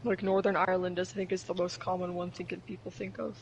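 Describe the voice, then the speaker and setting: A man's voice: high-pitched, monotone, quick pace, slight background noise, low-quality recording. A man chatting casually with friends during a game, teasing and blunt. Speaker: gaming friend. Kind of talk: casual gaming chat.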